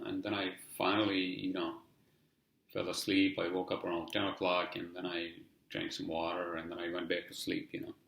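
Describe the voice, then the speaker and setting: A man with a heavy accent talks through a casual solo podcast in a low, gravelly voice. He rambles and swears freely and leans on "you know" again and again. The sound is echoey, as if he is in a bare room. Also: a bit bright. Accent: heavy non-native English accent. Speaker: podcast host.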